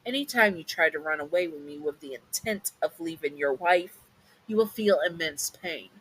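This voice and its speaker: A woman's voice: low-pitched, animated, moderate pace, fairly bright tone, breathy edge, heavily acted, poor audio. A woman voicing a sly, possessive female bogeyman monster who gloats and teases with pet names. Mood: gloating.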